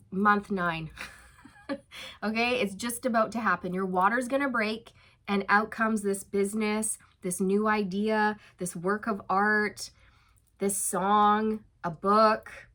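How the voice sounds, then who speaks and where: A woman giving a casual tarot reading. She is chatty and encouraging, uses many fillers, laughs lightly, and slows down for emphatic reassurances. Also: mid-range voice, a bit bright. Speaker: tarot reader.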